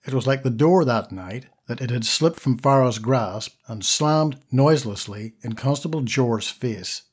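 A man narrating a short story as an audiobook, steady and even. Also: mid-range voice, a little slow, slightly rough. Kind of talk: scripted narration.

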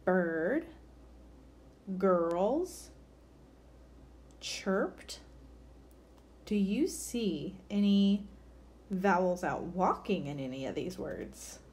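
A woman's voice: lowish voice, expressive, very slow, pauses often, a little mellow. A woman teacher giving an encouraging, upbeat reading lesson for young children.

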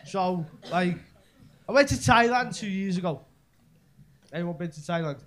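His pitch sits high and his delivery is expressive yet measured as this young man from Merseyside works through a wandering stand-up set thick with local slang. Laughter from the club audience runs through the live recording.

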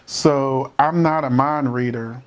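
Male commentator, casual and opinionated, emphatic with rhetorical questions; medium pitch, muffled lo-fi audio. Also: steady tone, slow. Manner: holds back from cursing. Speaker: commentator reacting to a court show.

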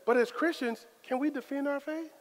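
A man preaching a sermon as pastor, in a lively, conversational style full of casual Southern phrasing. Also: very high-pitched, moderate pace. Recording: long hall reverb.

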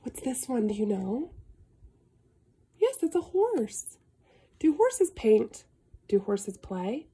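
Slow sing-song woman reading a picture book. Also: a little high, slightly rough. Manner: slow, sing-song, animated with gasps and animal sounds. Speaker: storybook reader.

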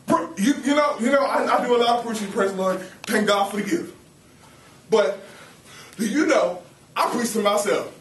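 A young man preaching a lively, playful sermon to a campus ministry, calling out questions to his listeners. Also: sits high, moderate pace, a little hiss or hum. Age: young adult. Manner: animated, playful, calls to the audience. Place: campus ministry meeting room. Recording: roomy hall, mic at a distance.

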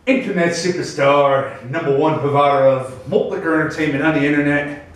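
A man's voice: a little high, fairly quick, heavy reverb, recorded from a distance, rough recording. Brash profane man ranting from afar. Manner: brash, profane, boastful shouting. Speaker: vlogger.

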